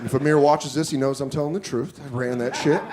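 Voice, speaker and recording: A man in his forties doing stand-up, telling a story in a loose, profane, self-mocking way with quick asides. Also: medium pitch, steady tone. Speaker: stand-up comedian. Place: comedy club stage. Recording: live club with loud crowd laughter.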